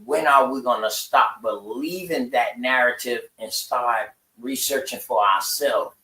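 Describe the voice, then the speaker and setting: A man's voice: medium pitch, unhurried, bright, forceful tone, reverberant, low-quality recording. A man from South Carolina with a Gullah Geechee accent, arguing bluntly in a casual stream debate and repeating his points. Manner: blunt, argumentative, repeats himself. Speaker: caller on a live stream.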